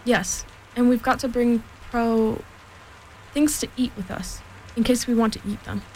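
A woman's voice: a little high, steady tone, unhurried, darkish tone, a little hiss or hum, lightly acted, rough recording. Woman doing Winnie the Pooh, an eager bear. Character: friendly simple-minded teddy bear, eager.

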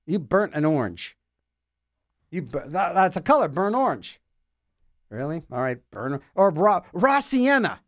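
Goofy rambling high-voiced radio host. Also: male voice, sing-song, measured pace, pauses often, fairly bright tone, dry recording, clean studio sound. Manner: goofy, self-mocking, repeats words in silly voices. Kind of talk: rambling comedic radio banter.

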